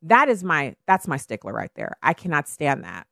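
A woman hosting a talk radio show, speaking in an animated way and mimicking other people in quoted asides. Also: low-pitched, normal speed, vocal fry, dry recording, studio quality. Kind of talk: conservative talk radio commentary.

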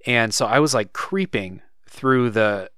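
A man talks casually about a story game he played, looping back with fillers as he thinks. His voice is smooth and resonant. The sound is dry and close, with no room around it. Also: mid-range voice, measured pace, dry recording. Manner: relaxed, thinks aloud with many fillers. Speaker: podcast co-host. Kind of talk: casual chat.

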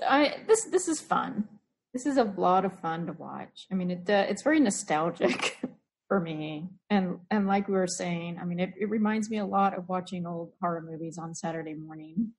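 A woman's voice: lowish voice, darkish tone, a little hiss or hum. A woman in a casual podcast chat, talking with playful enthusiasm. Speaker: podcast co-host.

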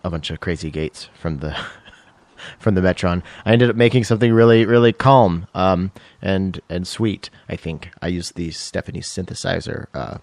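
A man's voice: low-pitched, moderate pace, darkish tone, no echo. A man hosting a casual podcast chat about synthesizers in a laid-back way, laughing often and restarting his phrases. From Washington state. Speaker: podcast host.

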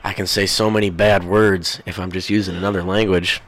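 A man's voice: deep voice, little pitch movement, a little fast. A man hosting a podcast in casual rambling chat, crude and profane, jumping from one thing to the next. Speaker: podcast host.

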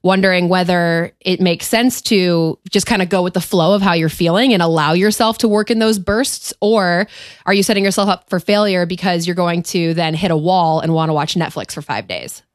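A woman in casual podcast chat, posing curious questions in a relaxed way. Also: fairly low pitch, moderate pace, no room sound, studio quality.

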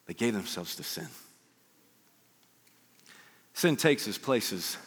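A man preaching a sermon as pastor, emphatic, acting out quoted voices with sudden loud rises. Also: on the low side, sing-song, slow pace, husky, in a large hall.

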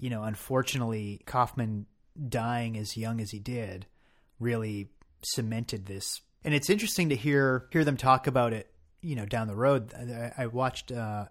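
A man co-hosting a casual podcast discussion, thoughtful and often restarting his sentences. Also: mid-range voice. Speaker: podcast co-host.

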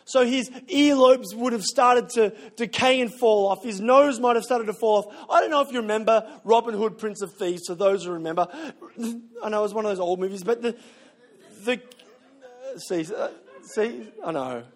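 High-voiced man preaching a conversational sermon. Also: moderate pace. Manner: conversational storytelling, self-deprecating, repeats words when searching. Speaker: pastor.

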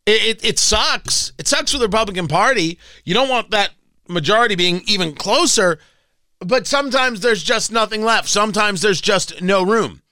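A man's voice: sits high, animated, moderate pace, pushed and bright, dry recording. A man hosting a talk radio show, giving chatty, opinionated commentary with frequent restarts and asides. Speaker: radio host.

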